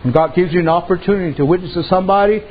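A man's voice: high-pitched, rapid-fire, husky, muffled recording. A man preaching a sermon in a folksy, colloquial storytelling way.

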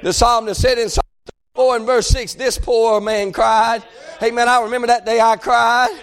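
High-voiced preacher man, shouting. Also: level tone, a little fast. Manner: rhythmic preaching, swings into shouting and half-singing. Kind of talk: sermon.

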